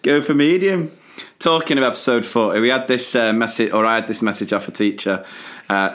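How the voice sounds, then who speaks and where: A man's voice: medium pitch, fairly quick, fairly bright tone. A man co-hosting a podcast in casual chat, teasing and laughing along with his co-host.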